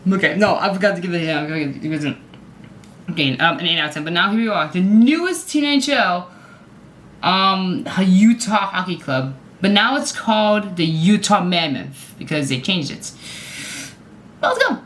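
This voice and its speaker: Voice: medium pitch, normal speed, fairly bright tone, a little hiss or hum. A vlogger giving casual, rambling commentary, often unsure and apologizing. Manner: hums along to clips. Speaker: video creator ranking sports goal horns.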